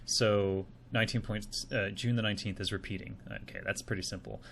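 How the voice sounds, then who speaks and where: Low-voiced man musing over a video. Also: fairly even intonation, a little fast, gravelly, a bit bright, slight background noise. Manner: musing, tentative. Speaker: video analyst. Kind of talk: casual commentary.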